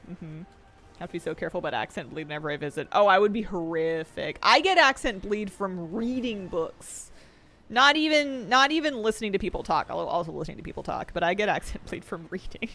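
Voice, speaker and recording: A woman's voice: medium pitch, very animated, fast, a bit bright. A young Canadian woman streaming, chatting casually and giggling while she reads her chat aloud.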